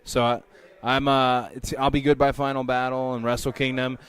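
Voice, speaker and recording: A man, a professional wrestler, answering interview questions in a candid, relaxed and conversational way. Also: mid-range voice, moderate pace, smooth.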